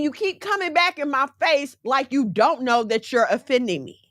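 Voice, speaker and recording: A woman giving a conversational sermon in a direct, animated way, mixing scripture with everyday slang. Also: high voice, moderate pace, few pauses, no echo, clean studio sound. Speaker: faith teacher.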